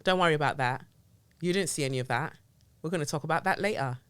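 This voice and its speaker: A woman's voice: low-pitched, fast talker, clean tone, no room sound. A woman hosting a casual solo podcast from her home office, chatting playfully and drifting off topic as she talks into a close mic. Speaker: podcast host. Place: home office with window blinds up. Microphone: mic on a stand close to her face.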